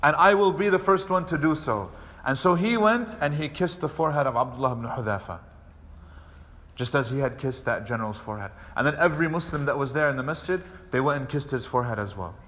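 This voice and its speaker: A man's voice: mid-range voice, quick pace. Man lecturing in an echoing mosque hall. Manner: animated storyteller acting out quoted speech. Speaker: imam. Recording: long hall reverb.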